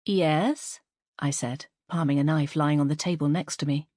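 A woman narrating a first-person fantasy story as an audiobook reader, in a measured, even storytelling manner. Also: deep voice, no room sound, studio quality.

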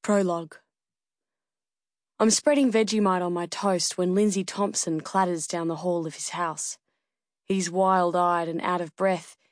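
Low-voiced woman audiobook narrator. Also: no echo, clean studio sound. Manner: measured, steady reading. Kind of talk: scripted first-person narration.

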